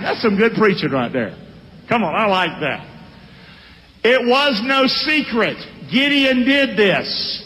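A man's voice: extremely high pitch, unhurried. A man, preaching a sermon and calling for responses from the congregation. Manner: animated, calls for responses from the congregation. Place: church sanctuary. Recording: long reverb of a large hall.

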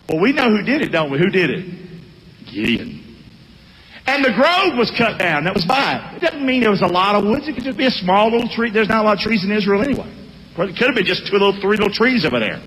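A man preaching a sermon, animated and drawing responses from his congregation. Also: sits high. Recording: long hall reverb.

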